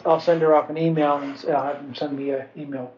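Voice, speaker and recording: A man on a committee jokes at his own expense in a rapid, fairly high voice. Faint noise sits under dull, lo-fi audio. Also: fairly even intonation, a little mellow. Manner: self-mocking, joking. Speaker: committee member. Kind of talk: meeting discussion. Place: meeting room.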